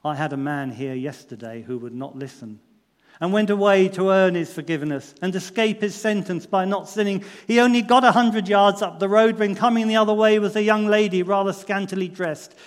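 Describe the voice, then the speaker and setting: A man voicing a stern, authoritative male judge, speaking quietly and in a measured way. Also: high-pitched, voice pushed up, lightly acted. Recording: long reverb in a large hall.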